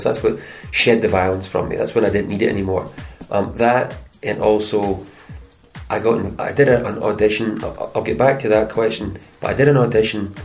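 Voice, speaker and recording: A man's voice: on the low side, creaky, a little mellow, low-quality recording. A middle-aged Scottish man, an actor and stuntman, telling chatty anecdotes in an interview and slipping into voices for the people in them. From Scotland. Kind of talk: casual interview storytelling.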